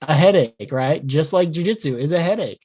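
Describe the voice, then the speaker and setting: A man's voice: a little high, expressive, normal speed, a little mellow. Guy on a podcast going off on a passionate rant, swears a bunch, acts out what he was thinking. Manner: acts out his own thoughts in quoted asides. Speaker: podcast co-host. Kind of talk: casual podcast chat.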